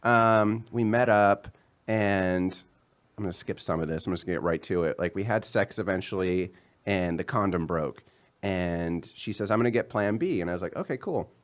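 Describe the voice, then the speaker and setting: A man's voice: normal speed, clear, resonant tone. A man in his thirties, a comedian guest telling a story in casual chat and acting out the quotes. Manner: animated storyteller, acts out quotes in a higher voice.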